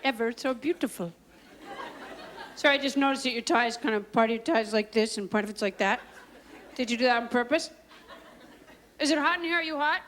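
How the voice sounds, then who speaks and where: Quirky high-voiced woman doing stand-up. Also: fairly bright tone. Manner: quirky, quick, self-mocking riffing; bantering with audience members. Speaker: stand-up comedian. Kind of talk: live stand-up comedy. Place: stage before a live audience. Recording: live audience laughter and noise.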